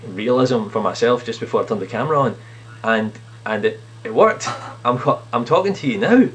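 In his sitting room, a video blogger improvises a casual comedy skit, playing both himself and his clone as he rambles and mocks himself. A camera on a TV unit records his medium-pitched, expressive voice at a moderate pace.

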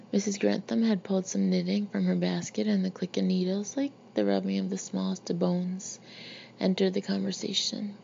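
A woman narrating an audiobook in a steady, measured, gravelly voice, in a muffled lo-fi recording. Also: medium pitch. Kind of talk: audiobook reading. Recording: muffled lo-fi recording with faint hiss.

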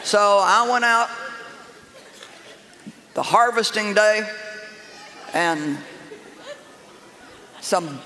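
An older woman preaching a humorous sermon, telling stories in an animated, sassy, self-mocking way. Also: medium pitch, drawn-out words, pauses often, a little hiss or hum. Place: large church auditorium with a live congregation. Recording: echoey hall with crowd laughter.

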